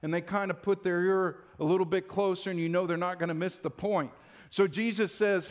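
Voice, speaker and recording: A man's voice: sits high, steady tone, normal speed. A male pastor preaching a Sunday-morning sermon in an emphatic, conversational way.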